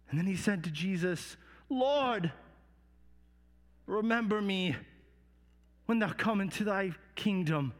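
A man telling a Bible story in the first person, slow and solemn, rising to loud cries at the quoted lines, recorded in a large reverberant hall. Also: high-pitched, big pitch swings. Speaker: dramatic storyteller.

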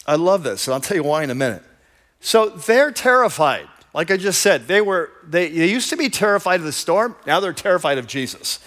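A man's voice: on the high side, very animated, a little fast, a bit bright. A male pastor preaching a sermon in a conversational, enthusiastic storytelling manner.

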